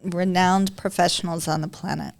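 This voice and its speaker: A woman's voice: fairly low pitch, fairly even intonation, moderate pace, creaky. A woman co-hosting a podcast in casual conversation, effusive and enthusiastic. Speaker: podcast co-host.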